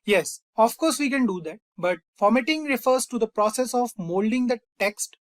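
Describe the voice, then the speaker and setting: A man's voice: very high voice, normal speed, no echo. A man teaching a screen-recorded coding tutorial, explaining step by step and addressing viewers as "you guys". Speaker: coding instructor.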